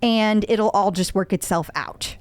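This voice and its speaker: A woman co-hosting a podcast in casual chat, chatty and quick to laugh. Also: medium pitch, dry recording. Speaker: podcast co-host.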